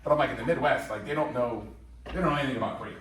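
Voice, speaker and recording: A company presenter in his fifties delivers an energetic, repetitive motivational sales pitch to a live crowd in a large room, rallying them at a very fast clip in a medium pitch. The mic sits far off in a very echoey hall, with a little hiss or hum.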